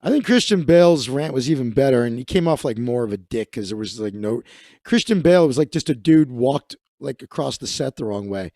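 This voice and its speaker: A man's voice: on the high side, very animated, brisk, darkish tone, no room sound, clean studio sound. A man hosting a comedic live stream, reading news aloud with sarcastic, profane asides. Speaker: host.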